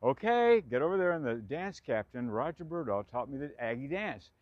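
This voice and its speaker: Man, 60s, rambling reminiscence, laughs often, outdoors in a park, mid-pitched voice, dull lo-fi sound. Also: animated, brisk, no room sound. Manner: rambling, chatty, laughs often, restarts sentences. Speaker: former dancer recalling his theater days. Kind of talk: casual spoken reminiscence.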